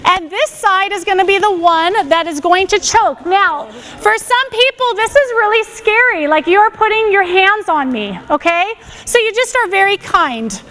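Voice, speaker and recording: A woman teaching a self-defense class on a body microphone, giving energetic step-by-step commands and checking in with "okay?" after each one. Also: very high voice, unhurried, hardly any pauses. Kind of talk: classroom instruction. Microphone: wearing a microphone.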